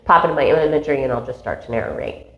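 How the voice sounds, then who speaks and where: A woman with a low voice talks through her inner practice in a meandering, earnest way and laughs at herself now and then. Her voice rings in a roomy space, and the recording sounds a little dull. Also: lively intonation, quick pace. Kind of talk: reflective spiritual monologue.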